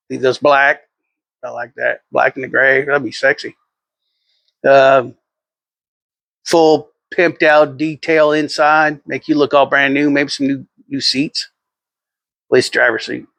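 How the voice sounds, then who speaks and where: A man's voice: on the high side, gravelly, a bit bright, no echo. A middle-aged man rambling through a casual vlog monologue, swearing freely and chuckling often. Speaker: vlogger.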